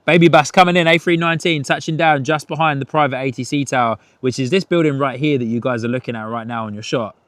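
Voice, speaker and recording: A man's voice: medium pitch, fast, hardly any pauses, fairly bright tone, no echo. Chatty man hosting a live stream. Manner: chatty, laughs often, reads chat aloud. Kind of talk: casual live commentary. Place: outdoors at an airport.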